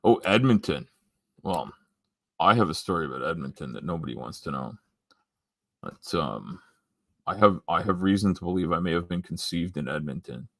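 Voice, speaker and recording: Low-voiced Canadian man rambling on stream. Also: vocal fry, a bit bright, no room sound, studio quality. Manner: rambling, halting, many restarts and ums. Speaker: livestream host. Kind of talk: casual livestream chat reading comments.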